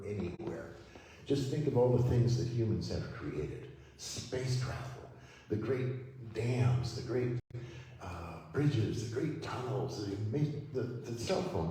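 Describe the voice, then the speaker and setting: A man preaching a sermon at a spiritual center, speaking slowly and gently with many pauses as he leads affirmations. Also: mid-range voice, slight background noise. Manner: slow, gentle, pausing preacher leading affirmations. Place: church hall. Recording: echoey hall, mic from far off.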